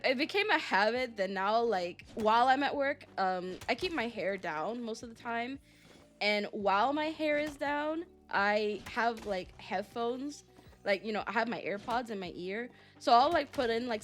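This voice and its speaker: A young adult woman streaming as a VTuber, chatting casually and rambling through a story with lots of fillers. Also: medium pitch.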